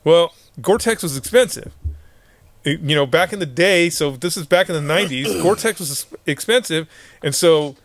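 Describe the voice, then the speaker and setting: A middle-aged man swaps profane stories as a podcast host, a touch higher in pitch than most men. He laughs often and slips into quick impressions of the people in his tale. The sound is dry and close, with no room around it. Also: lively intonation, no room sound. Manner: profane, laughing, acts out quotes of others. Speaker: podcast host, former Marine. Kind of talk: casual storytelling.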